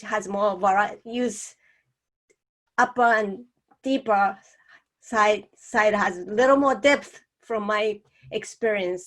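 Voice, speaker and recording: Slow-speaking Japanese-accented woman. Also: medium pitch, fairly bright tone. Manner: slow, deliberate, demonstrates tones. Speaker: co-host, professional speaker. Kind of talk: casual panel discussion on speaking.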